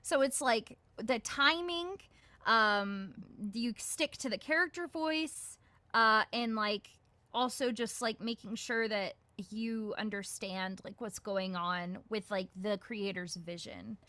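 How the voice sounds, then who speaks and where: A woman voice actress talks through her craft in a relaxed interview, with lots of "like" and "um" fillers and little acted-out quotes of her own thoughts. Her voice is bright and fairly high, and it sounds dry and close, with no room around it. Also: slow pace, dry recording. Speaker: guest voice actress. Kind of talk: casual interview answers.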